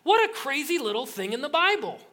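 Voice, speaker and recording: A man's voice: very high-pitched, a little fast. A male pastor preaching a sermon, telling a scripture story in a casual, joking way and acting out the voices in it. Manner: animated storytelling, acts out voices in quotes.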